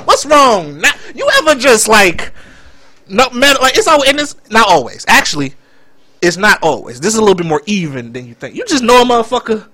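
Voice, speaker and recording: Young male co-host, dramatic and lively, dry close sound. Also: high-pitched, fast, no room sound. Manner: animated, dramatic outbursts. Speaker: podcast co-host. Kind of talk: casual chat.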